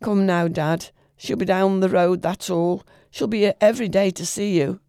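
A woman's voice: mid-range voice, fairly even intonation, normal speed, mellow, clear, resonant tone, no room sound, studio quality, natural voice. A woman voicing a tired middle-aged daughter who humours her old father with cool patience. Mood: coaxing. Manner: humouring, coaxing.

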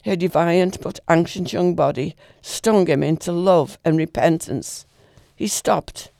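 A woman reading a literary short story aloud in a measured, expressive way. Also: lowish voice, gravelly, dry recording, studio quality. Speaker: reader.

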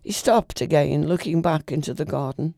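A woman reading a literary short story aloud in a measured, expressive way. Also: sits low, gravelly, dry recording, clean studio sound. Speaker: reader.

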